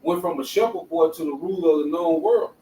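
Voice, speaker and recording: A man with a fairly high voice talks through scripture in loose street slang, peppered with "you know what I'm saying". He is recorded in an echoey room, set back from the microphone, with faint ambience behind. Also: fairly quick, mellow, distant mic, a little hiss or hum. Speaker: group member in scripture discussion. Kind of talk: casual group discussion of scripture.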